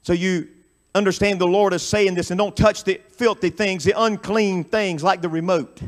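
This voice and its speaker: A man preaching a camp meeting sermon, swinging from quick, low asides up into chanted, shouted peaks. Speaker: pastor. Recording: radio broadcast of live sermon.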